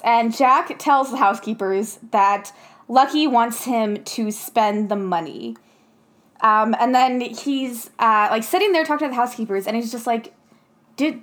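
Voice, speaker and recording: A young woman with a somewhat high voice chats through a movie plot on a podcast. She laughs often and breaks into silly voices to quote the characters. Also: lively intonation, moderate pace, fairly bright tone. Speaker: podcast co-host. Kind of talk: casual movie recap chat.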